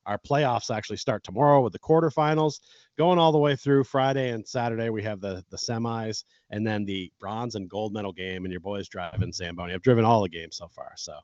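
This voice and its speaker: A man's voice: on the low side, a little fast, a little mellow, dry recording. A man co-hosting a casual sports podcast, blunt and opinionated, swearing freely as he vents about his team. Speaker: podcast co-host. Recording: dull dry lo-fi sound.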